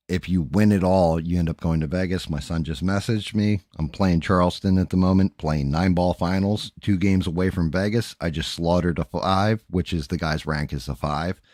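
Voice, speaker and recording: Rambling and swearing freely, a middle-aged man chats candidly with his viewers while hosting a livestream from home. His low voice is a little mellow at normal speed, and the studio-quality audio has no room sound.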